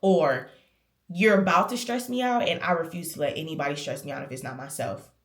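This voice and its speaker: A woman's voice: deep voice, fairly quick. A woman in her twenties talking candidly and emphatically to camera in a casual vlog. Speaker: lifestyle vlogger. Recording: roomy echo.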